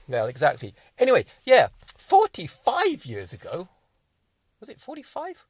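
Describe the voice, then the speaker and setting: Wry man, around 60, lively rambling storyteller, dry close sound. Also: high voice, a little slow, dry recording. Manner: jokey, digressive, wry. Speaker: vlogger.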